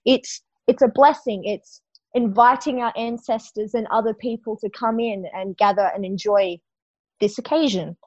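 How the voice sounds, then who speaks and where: A woman's voice: fairly high pitch, normal speed, darkish tone, dry recording. Emphatic woman, dull dry sound. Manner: emphatic and forthright, occasional swearing. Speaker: professional wrestler guest. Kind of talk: casual podcast chat.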